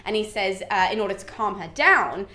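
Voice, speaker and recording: A woman casually retelling a classic epic for viewers, joking and slipping into quick character voices. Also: animated, sharp tone. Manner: chatty, jokey, acts out characters' lines with raised pitch. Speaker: literature summary vlogger.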